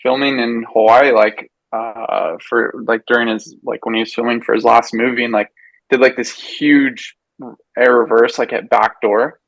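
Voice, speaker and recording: A man's voice: medium pitch, steady tone, normal speed, vocal fry, fairly bright tone, no echo, poor audio. A young man in casual chat, telling stories in a laid-back, rambling way with many fillers.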